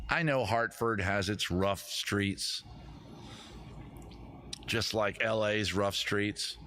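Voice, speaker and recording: A man's voice: lowish voice, expressive, a little slow, bright, forceful tone, a little hiss or hum. A man hosting a live comedy stream with a guitar, rambling, self-mocking and giggling at his own jokes. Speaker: host.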